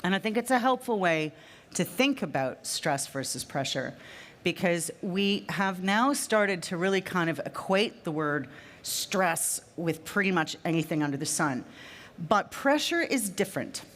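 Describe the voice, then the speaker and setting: A woman in her fifties speaks to a live audience at a conference. Her voice sits low for a woman, and she talks with emphasis, repeating her key phrases. She often asks the listeners to stop and reflect. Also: expressive, measured pace, fairly bright tone. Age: 50s. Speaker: speaker at a trade fair session. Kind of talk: conference talk.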